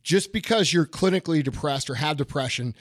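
A man's voice: on the high side, brisk, dry recording, clean studio sound. A middle-aged man hosting a podcast, ranting bluntly and profanely in casual chat. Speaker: podcast host.

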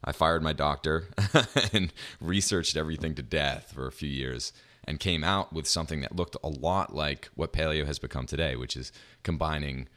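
Very deep-voiced young male podcast host. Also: moderate pace. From New Hampshire, USA. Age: 20s. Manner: laughs often, relaxed and upbeat. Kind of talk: casual interview chat.

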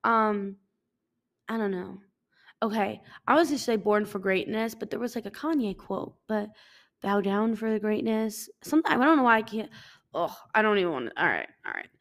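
A woman's voice: medium pitch, animated, normal speed, a bit bright. A young adult woman hosting a casual solo podcast, rambling and self-deprecating, swearing offhandedly as she chats. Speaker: podcast host. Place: living in a hot city.

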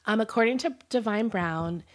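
A woman's voice: medium pitch, moderate pace. A woman co-hosting a podcast, telling a story in casual chat, giggly and full of "um" and "like". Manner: giggly, breaks off with laughs and apologies; chatty, many fillers like "um" and "like". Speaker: podcast co-host.

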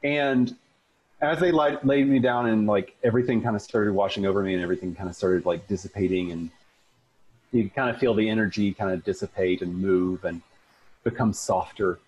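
A man with a low, husky voice recounts a personal experience in casual conversation. His talk is loose and chatty, packed with fillers and animated retellings. He has a lower voice than most men, with a husky grain. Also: a little fast, highs cut off. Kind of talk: casual storytelling.

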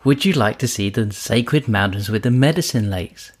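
A man's voice: fairly low pitch, expressive, moderate pace. A man voicing a wise male frog in a spoken story, inviting and plain-spoken.

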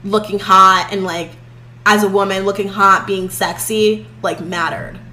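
A young woman in her twenties, chatting casually as a podcast co-host. She tells her stories in an animated, rambling way full of fillers, with a pitch sitting in the middle of the usual range. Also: unhurried, a little hiss or hum, poor audio. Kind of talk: casual chat.

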